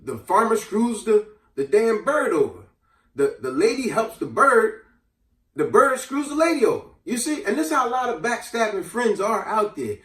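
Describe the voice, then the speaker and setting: A man with a fairly high voice tells a fable in casual talk, jumping into the characters' voices as he goes. The sound is roomy, and the mic sits some way off. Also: moderate pace. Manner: animated storyteller acting out characters' voices. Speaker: host. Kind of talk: casual storytelling and advice. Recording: echoey room, mic at a distance.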